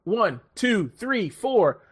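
A man hosting a casual podcast chat, telling stories in an animated way, swearing freely and laughing often. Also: high voice, drawn-out words, slight background noise. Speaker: podcast host.

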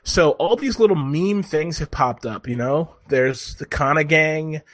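A man co-hosting a podcast in casual chat, animated and rambling, laughing often. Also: on the high side, a little slow, no echo. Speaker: podcast co-host.

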